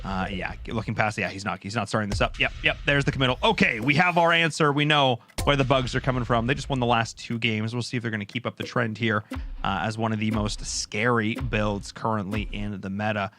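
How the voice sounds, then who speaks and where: A man's voice: lowish voice, steady tone, fairly quick, sharp tone, a little hiss or hum. A man giving live esports commentary, jokey and rambling, full of fillers and asides. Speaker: esports caster.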